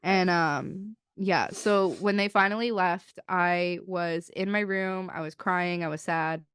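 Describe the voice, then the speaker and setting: A young woman in her twenties co-hosts a podcast, telling a personal story in a chatty way, full of "like" and acted-out quotes. Her lowish voice is smooth and fairly bright, slow, with fairly even intonation and clean studio sound without room noise.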